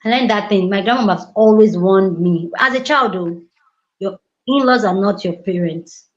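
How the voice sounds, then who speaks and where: A woman hosting a casual chat, telling lively stories and mimicking other people's voices. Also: mid-range voice, moderate pace. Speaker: host. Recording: roomy, slightly dull sound.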